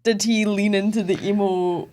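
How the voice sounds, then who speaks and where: A woman's voice: mid-range voice, fairly even intonation, normal speed, darkish tone. A woman co-hosting a podcast in casual chat, teasing her friends and correcting them with dry wit. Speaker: podcast co-host.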